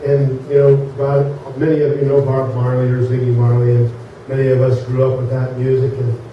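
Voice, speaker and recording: A male minister giving a sermon in a casual, joke-telling way, often pausing with fillers as he speaks. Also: medium pitch, monotone, slight background noise. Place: church sanctuary. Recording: echoey far-off dull sanctuary recording.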